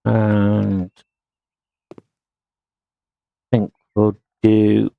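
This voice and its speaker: Male streamer, very slow and gravelly, thinking aloud over gameplay, dry close sound. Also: lowish voice, monotone, dry recording, phone-quality sound. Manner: slow, muttering to himself while working. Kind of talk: casual gameplay commentary.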